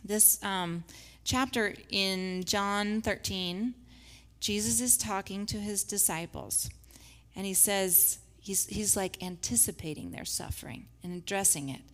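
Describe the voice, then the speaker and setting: A woman teaching a faith-based lesson with slides, who acts out the scripture quotes in lively voices. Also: mid-range voice, unhurried, long reverb tail. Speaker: Bible study teacher.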